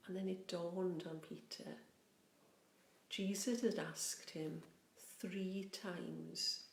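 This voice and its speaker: Woman rector, children's storyteller, slow and gentle; roomy sound. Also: lowish voice, gravelly. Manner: gentle, expressive, drawn-out. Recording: roomy, faint background noise.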